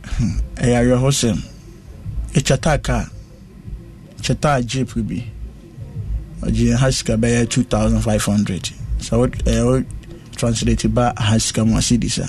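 A man recounting a personal ordeal in conversation, speaking slowly and earnestly. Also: medium pitch, flat delivery, darkish tone, slight background noise. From West Africa. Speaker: interviewee.

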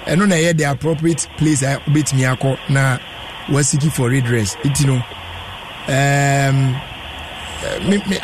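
Male call-in host, slightly high voice, measured advice, faint noise behind. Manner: advising, measured.

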